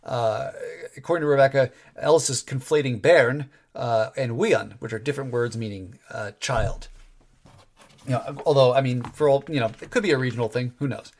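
A man's voice: medium pitch, normal speed, a little mellow. A man co-hosting a casual podcast chat. His delivery rambles and restarts, with wry asides thrown in. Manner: rambling, wry, self-interrupting. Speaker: podcast co-host.

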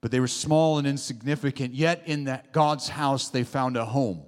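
A pastor delivers a sermon with emphasis, building to rising exclamations and trading call-and-response remarks with his congregation. The church sanctuary adds long hall reverb, and he speaks at a normal speed in a mid-range voice.

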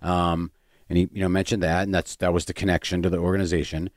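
A man's voice: low voice, flat delivery, quick pace, dry recording, clean studio sound. A man who is a stand-up comedian, telling a story in casual chat, rambling with lots of fillers and restarts.

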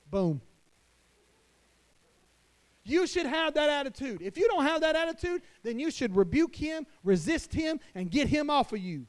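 A man pastor preaching a sermon to fathers, emphatic, swinging between hushed lines and loud declarations. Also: very high-pitched, animated, normal speed. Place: church.

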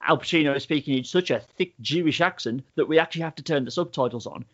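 A man's voice: on the high side, quick pace, fairly bright tone. Rambling man recapping a show, lo-fi. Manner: rambling storyteller, many "like" fillers, swears freely. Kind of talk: casual chat, reviewing a TV show.

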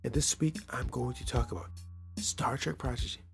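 Gravelly man rambling on his podcast. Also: mid-range voice, normal speed, music in the background. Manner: playful, rambling, repeats phrases, laughs at own jokes. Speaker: podcast host. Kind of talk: casual solo podcast monologue.

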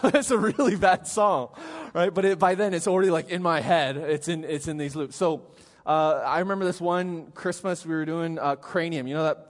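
A middle-aged male pastor gives a relaxed, conversational sermon, telling lively stories and checking in with "right?" after many of his points. His voice sits a little high for a man. A long reverb trails behind him in the church hall. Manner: animated storytelling, frequent "right?".

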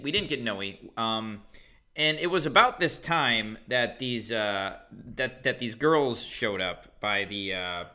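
Bright-voiced young man telling a story. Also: mid-range voice. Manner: measured, narrating step by step. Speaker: podcast co-host. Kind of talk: casual storytelling.

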